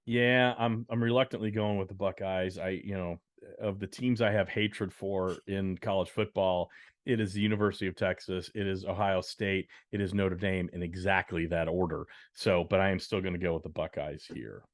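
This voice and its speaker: A man's voice: sits low, fairly even intonation, moderate pace, no echo. Man co-host calling out football picks. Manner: upbeat, announcing game picks with dry asides. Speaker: podcast co-host. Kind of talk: casual sports-picks chat.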